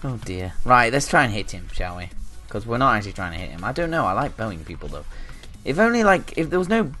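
Excitable young man commentating a game. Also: medium pitch, quick pace, faint music behind. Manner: excitable, swings between loud outbursts and muttering asides. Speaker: gaming channel host. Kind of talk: live gameplay commentary.

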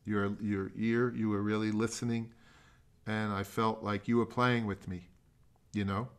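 A man's voice: on the low side, little pitch movement, clear, resonant tone. An older man coaches a student in a masterclass, wandering through his points with stops and restarts. He pokes fun at himself along the way. The sound comes through a video call. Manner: rambling, halting, self-deprecating humor. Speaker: music teacher leading a masterclass. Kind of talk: remote masterclass feedback.

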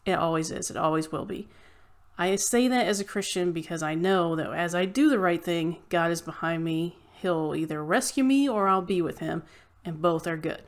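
Woman vlogger, lowish voice, impassioned ranting monologue to camera. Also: moderate pace. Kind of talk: opinion vlog monologue.

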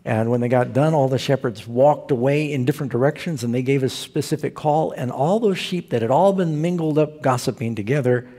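A man's voice: medium pitch, fairly quick, few pauses, warm tone, slightly rough. A male pastor preaching a sermon, telling stories with humor and asking his listeners questions. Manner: humorous storytelling preacher who asks the audience questions.

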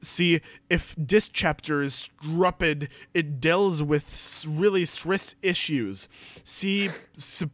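A man's voice: fairly high pitch, takes it slowly, a bit bright, no echo. A man reading a story aloud for laughs, breaking off for mocking asides and laughing a lot. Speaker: reader. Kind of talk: comedic dramatic reading with asides.

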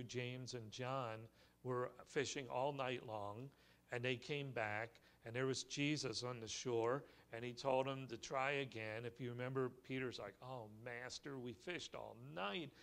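A man's voice: medium pitch, fairly bright tone, smooth. Man preaching a conversational sermon. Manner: conversational storytelling with light humor. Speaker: pastor. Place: church sanctuary.

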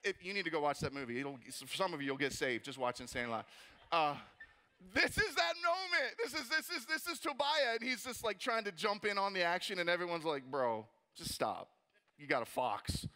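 A young man preaching a lively, jokey sermon as a pastor, repeating words and acting out voices as he goes. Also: high voice, fairly quick. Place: church auditorium.

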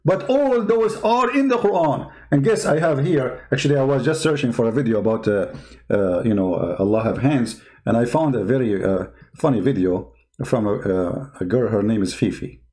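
A man's voice: medium pitch, animated, moderate pace, a little mellow. A man giving mocking, emphatic commentary on video clips as a show host.

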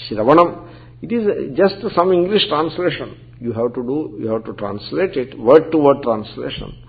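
A man's voice: medium pitch, expressive, moderate pace, creaky. A man, teaching scripture as a swami in a conversational, explanatory lecture. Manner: conversational, explanatory, peppered with Sanskrit terms. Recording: tinny phone-like recording.

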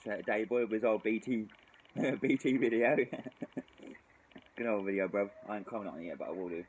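A man's voice: on the low side, steady tone, quick pace, slight background noise, rough recording. A British man rambling and swearing through a casual drinking vlog outdoors in the cold, tipsy and shivering, sighing often. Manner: sweary, rambling, frequent sighs. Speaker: drinking vlogger.

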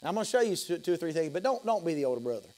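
Man, Southern US accent, middle-aged, pastor, sermon, emphatic, repeats himself, high pitched. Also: big pitch swings, very fast. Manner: emphatic, repeats phrases, swings from loud to hushed.

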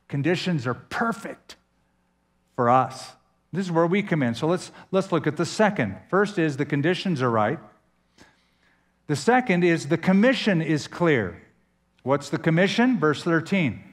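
A man preaching a sermon as pastor, emphatic, with dramatic pauses and sudden swings in pitch. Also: expressive, big-room sound.

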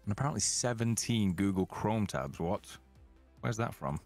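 A man chatting casually as a co-player, teasing and excitable with frequent laughs. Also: fairly low pitch, normal speed, faint music behind. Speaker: co-player friend. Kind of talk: casual gaming chat.

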